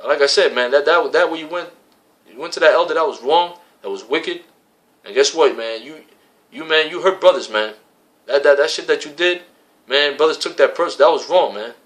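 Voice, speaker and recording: A man's voice: on the high side, brisk, fairly bright tone. A man in an impassioned spoken rant to his religious brothers, repetitive and profane, tacking "man" onto his sentences. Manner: heated, repetitive, profane, keeps adding "man". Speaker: religious community member addressing his brothers.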